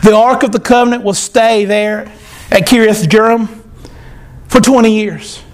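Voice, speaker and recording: A man preaching a sermon as pastor, animated, swinging from loud to soft. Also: high-pitched, a little slow.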